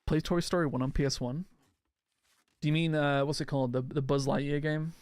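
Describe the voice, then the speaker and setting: A man's voice: a little high, fairly even intonation, a little fast, darkish tone, clean tone, no echo. A man chatting casually while playing a game, rambling and answering viewers' comments with frequent restarts. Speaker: gaming video creator. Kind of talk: casual live gameplay chat.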